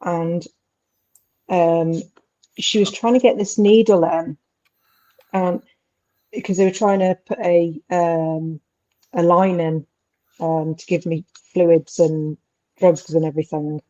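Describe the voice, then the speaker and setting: A woman's voice: on the low side, steady tone, slow, pauses often, mellow. A woman chatting casually, rambling with many fillers. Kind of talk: casual chat. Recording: dull lo-fi sound.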